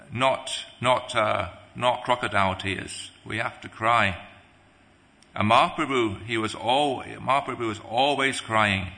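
A man delivers a sermon slowly and haltingly, pausing often and restarting his phrases. His voice is gravelly and very bright in tone. It echoes with a long reverb in a hall. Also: mid-range voice. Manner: halting, many restarts and pauses. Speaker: preacher. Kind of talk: devotional sermon.

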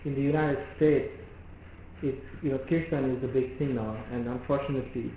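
A man delivers a devotional lecture, explaining step by step and pausing on rhetorical questions. His voice rings through a very echoey hall. The sound is thin and phone-like, with a faint hiss of ambience behind it. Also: mid-range voice, fairly even intonation. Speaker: preacher.

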